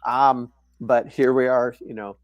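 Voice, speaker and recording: An older man speaks casually over a video call, telling his story in a halting way. His voice sits at an ordinary middle pitch. The recording is dry and close, with no room sound. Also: little pitch movement, no echo, highs cut off. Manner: halting, peppered with "you know" and "um". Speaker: guest, foster and adoptive father.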